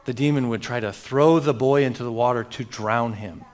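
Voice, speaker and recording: A man preaching a sermon, reading scripture dramatically and urging his listeners directly, with sudden loud rises. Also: medium pitch, normal speed. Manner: speaks directly to the audience, urging and emphatic.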